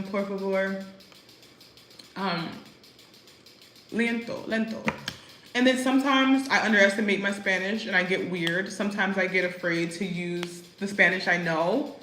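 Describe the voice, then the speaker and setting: A bright-voiced woman chats casually to camera, animated and talkative, with lots of fillers. Her voice bounces around an echoey room with a faint hum of background ambience. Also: medium pitch. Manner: chatty, animated, fillers like "like" and "you know what I mean". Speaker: vlogger. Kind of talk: casual chat. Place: living abroad as an expat.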